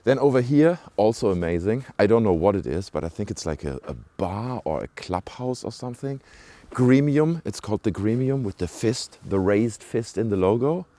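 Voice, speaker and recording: Man, British-sounding accent, casual outdoor vlog, chatty and rambling, mellow low voice. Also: expressive, normal speed. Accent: British-sounding English. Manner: rambling, chatty, many fillers and asides to viewers. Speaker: vlogger. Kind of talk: casual walking vlog commentary. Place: outdoors in a small rural village. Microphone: handheld camera mic while walking.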